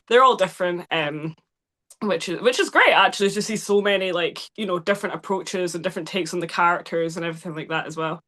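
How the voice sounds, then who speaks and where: A woman's voice: medium pitch, a bit bright. A woman being interviewed as a guest actress, chatting casually with many fillers and frequent laughter.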